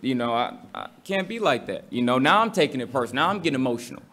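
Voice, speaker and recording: A man's voice: mid-range voice, expressive, fast, fairly bright tone, slight background noise. Casual man teaching a congregation. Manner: casual, talks in slang, asks the room questions. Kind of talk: conversational Bible teaching.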